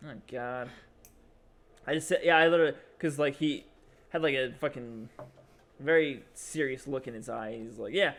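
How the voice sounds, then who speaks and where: A young man tells a story on a casual podcast, circling back with fillers and quoting people in little put-on voices. His voice sits in an ordinary middle pitch. He talks like a friend recounting a night out. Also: normal speed, pauses often, fairly bright tone. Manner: rambling, full of fillers and quoted voices. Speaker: podcast co-host.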